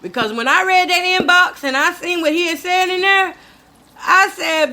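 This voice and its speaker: Very high-pitched, bright, and forceful, her voice moves at a normal speed. The older woman hosts a laid-back vlog, cooking as she tells an emphatic, chatty story and addresses listeners as "y'all."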